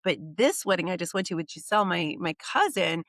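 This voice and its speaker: A middle-aged woman talks as a podcast guest in an animated, chatty way, full of quick asides. Her voice is bright and forward. The sound is close and dry. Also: fairly low pitch, no room sound. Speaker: guest, wedding PR expert. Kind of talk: casual podcast chat.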